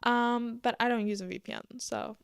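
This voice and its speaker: A woman's voice: fairly high pitch, steady tone, moderate pace, gravelly, smooth, no echo, clean studio sound. Chatty young woman rambling on camera. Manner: rambling, joking, lots of "like" and "um"; mock-panicked outbursts. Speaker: booktok vlogger. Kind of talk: casual chat to camera.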